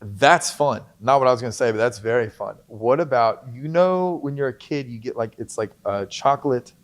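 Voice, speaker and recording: A man's voice: mid-range voice, normal speed. A young man chatting as a guest on a podcast, jokey and playful, laughing often. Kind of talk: casual podcast chat.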